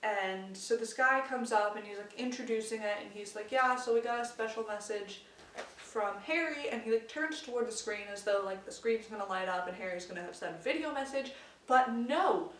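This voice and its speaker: A woman's voice: on the high side, normal speed, a little hiss or hum. Young woman vlogger, chatty and gushing, sits a bit back from the mic in a roomy space. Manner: excited, gushing, full of "like" fillers. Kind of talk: casual storytelling vlog. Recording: roomy sound from a distance.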